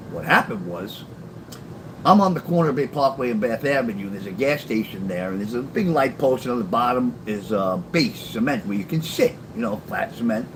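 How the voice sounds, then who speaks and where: A man's voice: mid-range voice, background noise. An older man, telling blunt, profane street stories on a phone live stream. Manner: blunt and profane, acts out quoted lines loudly. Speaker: live-stream storyteller reading his memoir. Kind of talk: casual storytelling.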